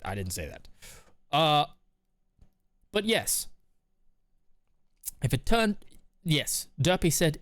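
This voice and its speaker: A man's voice: on the high side, sing-song, takes it slowly, pauses often, fairly bright tone, no room sound. A man streaming live, reading viewer messages aloud and answering them in a loose, chatty way that repeats itself. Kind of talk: casual live-stream chat.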